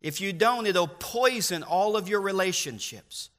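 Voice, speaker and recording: A man delivers a church sermon in a high, bright, ringing voice. He preaches earnestly, leaning on words with slow emphasis. He repeats key refrains. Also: animated. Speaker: pastor.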